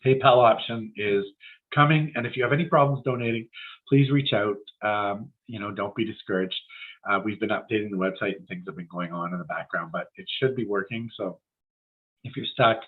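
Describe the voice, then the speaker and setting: A man's voice: lowish voice, brisk, husky, phone-quality sound. A man giving a casual, encouraging mid-week sermon in a conversational, anecdotal way. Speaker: spiritual centre speaker.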